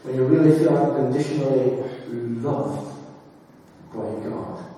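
A man's voice: medium pitch, unhurried, dark tone, a little hiss or hum. A man preaching a sermon to his church in a conversational way, with fillers and restarts. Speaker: pastor. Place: church hall. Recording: echoey hall from far off.

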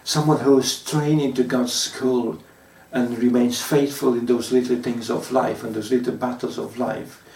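A man preaching a sermon in a mellow, darker voice, pausing often and filling gaps as he tells stories. The sound is roomy and echoes, and he stands back from the mic. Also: mid-range voice, flat delivery, distant mic. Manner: measured, warm storytelling with frequent pauses and fillers. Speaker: pastor.

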